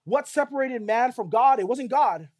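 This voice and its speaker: A man's voice: very high-pitched, lively intonation, normal speed, a little mellow. A middle-aged male pastor preaching a sermon in a conversational way, often asking rhetorical questions of the listeners.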